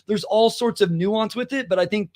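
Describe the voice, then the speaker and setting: A man co-hosting a basketball podcast, talking in an animated, quick way and reading out listener comments. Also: sits high. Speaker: podcast co-host and high school basketball coach. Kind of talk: casual sports podcast chat.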